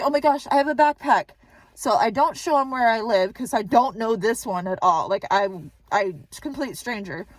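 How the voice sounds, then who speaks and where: A young woman vlogger casually telling a story, chatty and excitable with lots of fillers. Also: a little high, dry recording.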